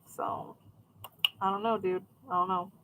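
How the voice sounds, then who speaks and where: A woman's voice: medium pitch, level tone, a little slow, background noise. A young woman hosting a crafting livestream, chatting casually and answering viewers' questions as she goes. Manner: chatty, rambling, reads and answers chat. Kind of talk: casual chat with live viewers.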